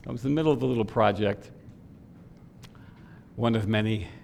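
A man preaching a sermon, swelling to loud emphatic peaks and dropping to quiet asides. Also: fairly low pitch, brisk, creaky, slight background noise. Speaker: pastor.

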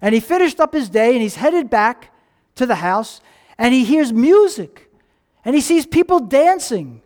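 High-voiced man preaching animatedly. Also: measured pace. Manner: animated storytelling, acting out characters' lines; asks the congregation questions. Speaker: pastor. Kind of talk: sermon.

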